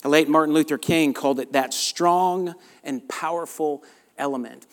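Middle-aged southern pastor, kinda high voice, soft earnest prayer then lively preaching. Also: male voice, moderate pace. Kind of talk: sermon.

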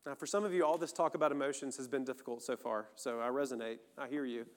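A man's voice: mid-range voice, fairly even intonation, fast. A man preaching a sermon, earnest and conversational, speaking directly to his listeners. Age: adult, married. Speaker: pastor. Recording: long reverb of a large hall.

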